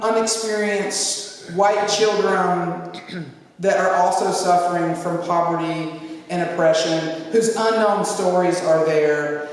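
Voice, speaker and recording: A woman pastor telling a humorous story in a sermon, acting out what people said in a lively way. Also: on the low side. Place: large church sanctuary. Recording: echoey hall from far off.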